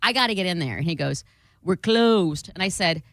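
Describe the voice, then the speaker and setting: Young woman ranting through a story, swears a lot, voice jumps around, kinda low, dry close mic. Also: racing, no echo. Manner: animated, swearing, acts out quotes. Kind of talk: casual storytelling chat.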